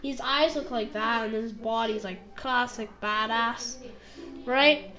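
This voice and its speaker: A woman with a high voice recaps an anime episode in a loose, rambling way. She leans on fillers and hops into snippets of dialogue as she goes. The tone is casual and chatty throughout. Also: pushed and bright. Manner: rambling, full of fillers and quick impressions. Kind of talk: casual video review.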